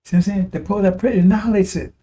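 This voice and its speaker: High-voiced man preaching with mocking scorn. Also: fairly even intonation, very fast, mellow, slightly rough. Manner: mocking, scornful, breaks into laughter, repeats phrases. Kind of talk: impassioned religious broadcast sermon.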